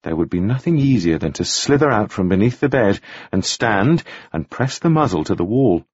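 A man narrating a novel in measured, expressive storytelling. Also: fairly low pitch, slightly rough, no room sound, highs cut off. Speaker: audiobook narrator. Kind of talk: scripted narration.

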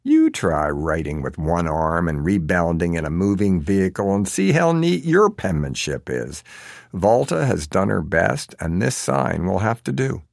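A man's voice: deep voice, very animated, a little slow, creaky, no echo, studio quality. A man narrating an audiobook in a wry, sardonic manner.

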